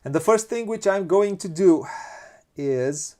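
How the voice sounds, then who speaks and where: A man's voice: sits high, animated, a little slow, a little mellow. A man with a Romanian accent playing a board game, counting pieces and thinking aloud as he plans his moves. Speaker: board game channel host. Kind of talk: casual board game playthrough.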